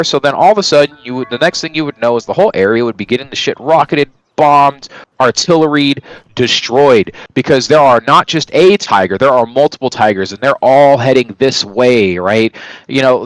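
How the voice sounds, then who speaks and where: A man's voice: medium pitch, no room sound, rough recording. A man streaming and telling a long story in casual chat, rambling and swearing, often checking in with "right?". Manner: rambling, profane, keeps asking "right?".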